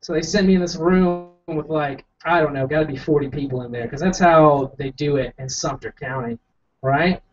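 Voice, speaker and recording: Captured in a distant, dull lo-fi room recording, a young comic rambles through stand-up stories at a small coffee house. He pokes fun at himself and performs the quotes, speaking at a normal speed in a slightly high voice.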